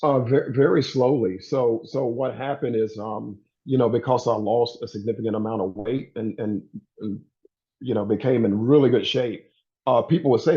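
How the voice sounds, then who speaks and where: A laid-back man, a plant-based recipe creator, talking as a guest in a conversational interview, getting animated when excited. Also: medium pitch, moderate pace, highs cut off.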